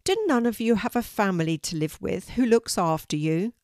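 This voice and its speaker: An older woman voicing a polite, gentle, regal pampered female house cat in a storybook reading. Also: medium pitch, normal speed, no room sound, clean studio sound, natural voice. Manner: polite, gentle, well-spoken.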